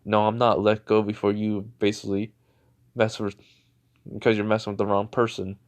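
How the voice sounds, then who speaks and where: A man's voice: fairly low pitch, completely flat delivery, normal speed, natural voice. A man voicing a stern teenage girl, a hero's daughter, firm and scolding in his own everyday voice.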